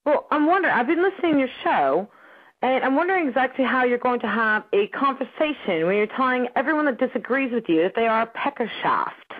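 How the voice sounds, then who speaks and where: A woman putting on a fake English accent, talking fast and mockingly as a call-in troll, her pitch bouncing around lively and high. The voice comes through a thin, tinny phone line. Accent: put-on English. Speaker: caller.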